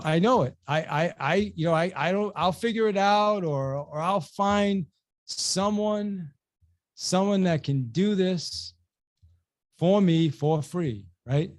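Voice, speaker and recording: A man with a slightly high voice hosts a motivational webinar, telling a personal story. He acts out both sides of each exchange with lively swings in delivery. He often stumbles over his words and starts again. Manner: animated storyteller acting out both sides of a dialogue; repeats words and restarts often. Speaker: webinar host and real estate coach.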